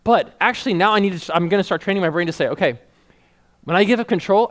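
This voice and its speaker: Male preacher, high voice, rapid delivery, energetic sermon with frequent laughter. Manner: energetic, laughs often, quotes God in a lower voice.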